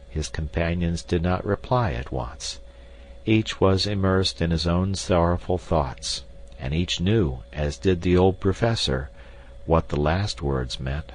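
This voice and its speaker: A man narrating an audiobook in a steady, even reading. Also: deep voice, unhurried. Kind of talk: scripted narration.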